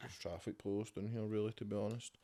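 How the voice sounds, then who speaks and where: A man's voice: fairly low pitch, little pitch movement, fast, warm tone. A man with a Scottish accent, chatting casually as a rapper guest on a podcast at his home, laid-back and swearing often.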